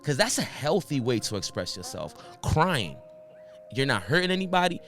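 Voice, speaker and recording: A man's voice: medium pitch, sing-song, moderate pace, a bit bright, soft background music. A young man hosting a solo podcast, talking earnestly and passionately, firing off rhetorical questions and swearing now and then. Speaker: podcast host.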